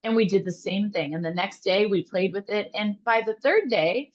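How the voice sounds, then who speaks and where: A woman therapist explains her approach in an animated, storytelling way, often speaking straight to her listeners. Her voice sits at a medium pitch. The recording sounds slightly dull and lo-fi. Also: brisk. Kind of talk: interview answer, storytelling.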